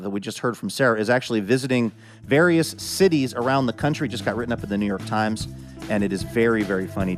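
Guy hosting live radio from a theater, brisk, music playing under him. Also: lowish voice. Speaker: radio show host.

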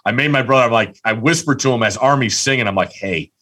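Guy with a bright punchy voice, all fired up telling a story, keeps restarting his sentences. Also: medium pitch, quick pace. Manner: excited storytelling, many restarts. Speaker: podcast co-host. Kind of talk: casual sports chat.

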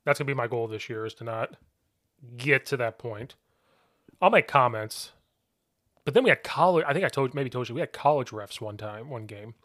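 A football coach talking casually on a podcast, with a voice of ordinary male pitch. He tells animated stories and slips into quoted shouts along the way. The sound is dry, with no room echo. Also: normal speed.

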